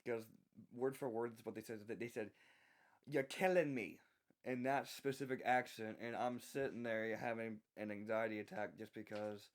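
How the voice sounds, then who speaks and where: Young Southern man, lowish voice, soft-spoken storyteller, halting restarts. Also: little pitch movement. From American South. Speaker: voice actor telling a work story. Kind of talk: unscripted storytelling.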